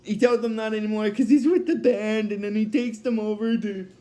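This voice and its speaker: A man's voice: sits high, fairly even intonation, brisk, mellow. A man casually recapping a cartoon episode, rambling, often restarting his sentences and laughing at his own retelling.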